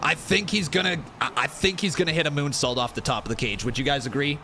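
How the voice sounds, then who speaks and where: A young man hosting a live watch-along stream, loudly hyping up his chat with shouts and chants. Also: on the high side, quick pace. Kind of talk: hyped watch-along commentary. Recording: music under the voice. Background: music playing.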